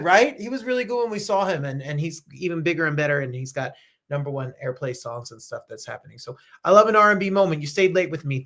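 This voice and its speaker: A man's voice: fairly high pitch, a bit bright. A middle-aged man hosting a live talk show, chatting effusively and emotionally with his viewers. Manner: effusive, emotional, sings snippets. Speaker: host. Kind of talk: casual live show chat.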